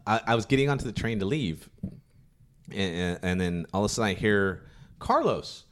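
A man's voice: fairly low pitch, big pitch swings, normal speed. A man from South Sacramento telling a long story in casual, profane chat, laughing often and acting out what he said. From South Sacramento, California. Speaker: podcast guest telling a story.

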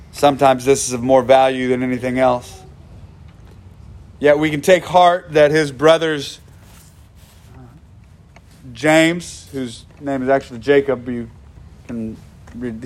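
A man preaching a sermon as pastor, conversational, with asides and self-corrections. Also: mid-range voice.

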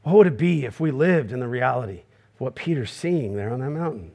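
A man's voice: medium pitch, lively intonation, fairly quick, gravelly, darkish tone. A male pastor preaching a sermon, emphatic and full of rhetorical questions, acting out quoted voices as he goes.

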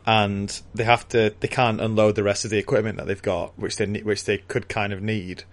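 A man with a lowish voice co-hosts a relaxed book chat. He laughs often and slips into playful quoted voices as he retells scenes. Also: a little fast. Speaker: podcast co-host. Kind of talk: casual book discussion chat.

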